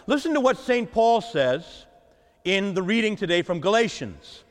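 Male pastor, sermon, high lively voice, long church reverb. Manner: preaching with dramatic pauses and emphatic repetition.

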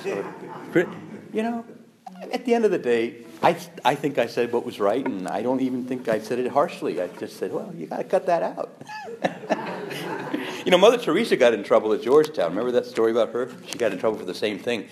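A man, a priest, teaching fellow preachers in a lively storytelling way, acting out quoted voices and laughing along. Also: mid-range voice, brisk. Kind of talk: teaching talk to clergy with anecdotes.

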